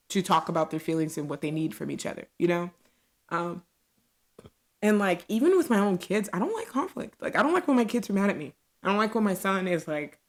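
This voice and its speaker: A woman in her thirties hosting a solo podcast, talking candidly and reflectively, with lots of "like" fillers. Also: on the low side. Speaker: podcast host.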